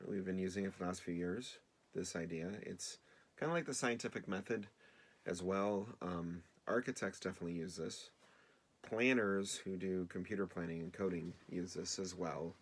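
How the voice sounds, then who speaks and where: Male teacher, low voice, relaxed remote lesson for kids, chatty, self-deprecating, lots of ums. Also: moderate pace. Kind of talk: casual remote video lesson for children.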